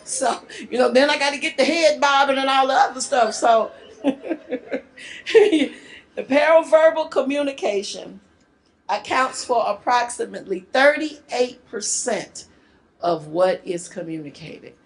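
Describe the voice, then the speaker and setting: A middle-aged woman from the northern US gives a marriage workshop talk to a live group, lively and joking in casual speech. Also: high-pitched, a little slow. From northern United States.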